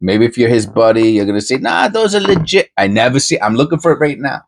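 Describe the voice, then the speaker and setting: A man with a fairly low voice talks casually to his viewers about coin hunting. He rambles, restarts his sentences and breaks off mid-thought. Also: quick pace. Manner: rambling, self-interrupting, conversational. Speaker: coin-hunting channel host. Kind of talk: casual commentary to camera.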